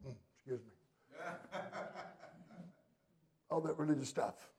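A male pastor preaching a sermon with emphasis, his delivery swinging from hushed to loud. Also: a little high, sing-song, takes it slowly, gravelly, long pauses, breathy edge.

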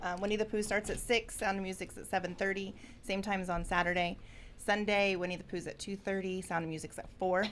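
A woman's voice: mid-range voice, little pitch movement, brisk, fairly bright tone, slight background noise. A woman giving ticket prices and showtimes in a plain, matter-of-fact way. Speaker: theater volunteer giving show info.

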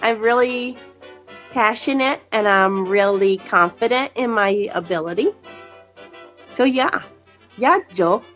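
A woman doing a comedic impression of a folksy, boastful female politician, with a drawn-out, giggly delivery. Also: fairly high pitch, expressive, a bit bright, lo-fi sound, faint music behind.

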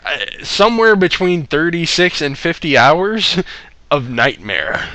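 A man's voice: fairly high pitch, sing-song, unhurried, sharp tone, no room sound. A man casually telling a story, swearing a lot and laughing between lines.

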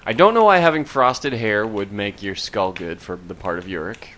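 A man's voice: lowish voice, moderate pace, a bit bright. A man co-hosting a horror review podcast, listing his complaints about an episode in a dry way. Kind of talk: critical review chat.

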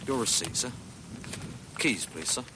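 An actor playing a dry, officious customs officer, polite but pointed. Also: male voice, medium pitch, animated, a little slow, heavy background noise, natural voice.

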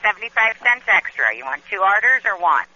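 A woman taking food orders over the phone in a brisk, matter-of-fact way. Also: mid-range voice, very animated, bright, forceful tone. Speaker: restaurant order taker. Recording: dull phone line with busy restaurant behind.

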